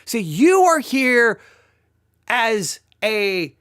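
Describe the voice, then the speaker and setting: A woman's voice: on the high side, very animated, extremely slow, smooth, dry recording, studio quality, heavily acted. A woman acting out a careless, selfish lover who talks to a partner in a dismissive, offhand way.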